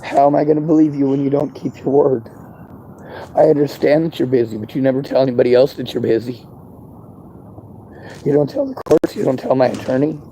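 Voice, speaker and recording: A man's voice: mid-range voice, steady tone, brisk, pauses often, warm tone, slight background noise. A man delivering an angry monologue to camera, bitter and heavy with profanity. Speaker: vlogger.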